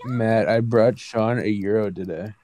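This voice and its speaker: A man's voice: fairly low pitch, measured pace, warm tone. A man joking around with friends during a game, teasing and crude with goofy asides. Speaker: gaming friend. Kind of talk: casual gaming banter.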